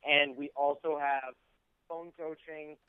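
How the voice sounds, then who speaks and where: A man's voice: a little high, steady tone, takes it slowly, clear, resonant tone, no echo. A man guesting in a radio interview who explains his coaching in fluent, polished sentences. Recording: tinny phone line.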